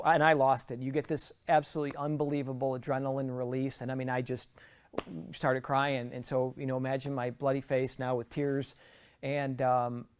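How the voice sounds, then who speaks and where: A man's voice: mid-range voice, darkish tone, smooth. A middle-aged man giving an earnest, conversational personal testimony as a guest speaker, often restarting his sentences.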